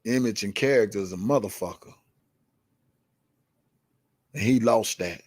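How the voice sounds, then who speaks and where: A man's voice: lowish voice, a little slow, darkish tone, slightly rough, no echo. Profane, confrontational male host, dry sound. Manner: repeats key words for emphasis. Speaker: livestream show host. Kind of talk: heated commentary rant.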